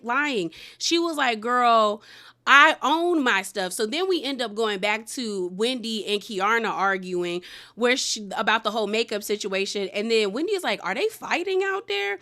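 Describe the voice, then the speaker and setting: A woman's voice: fairly high pitch, sharp tone. A woman giving a casual, sassy recap of a reality TV episode, retelling the scenes in quoted voices and laughing now and then.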